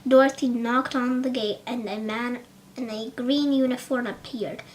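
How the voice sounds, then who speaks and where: A woman narrating a children's storybook audiobook with expressive delivery and occasional slips. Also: fairly high pitch, normal speed, a little hiss or hum.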